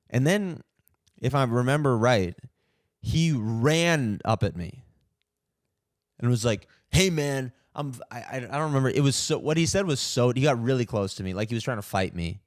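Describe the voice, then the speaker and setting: A male comedian hosting his own podcast, delivering a heated, profane rant that keeps tripping over stammered restarts. His voice sits at an ordinary middle pitch. The sound is dry and close, with no room echo. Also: lively intonation, unhurried, pauses often. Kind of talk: ranting comic monologue.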